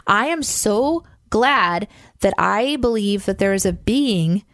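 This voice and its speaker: A woman's voice: medium pitch, expressive, takes it slowly, fairly bright tone, dry recording. Woman co-host, chatty and casual, dry close sound. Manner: chatty, lots of "like" fillers. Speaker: podcast co-host. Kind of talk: casual conversation.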